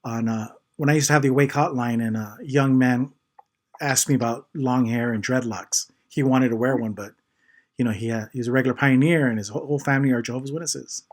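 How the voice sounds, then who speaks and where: Show host, mid-pitched voice, emphatic commentary, casual chat. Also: steady tone, brisk. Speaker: channel host.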